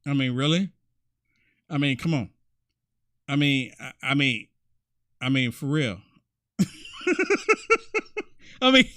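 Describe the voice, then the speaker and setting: A man's voice: mid-range voice, takes it slowly, long pauses, a bit bright. A man hosting a commentary show, talking in a mocking, repetitive way. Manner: mocking, repetitive, many "I mean"s. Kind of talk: political commentary monologue.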